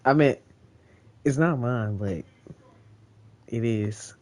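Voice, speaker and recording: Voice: medium pitch, takes it slowly, a little mellow. A vlogger talking in a casual, rambling monologue straight to the camera, swearing freely and laughing often.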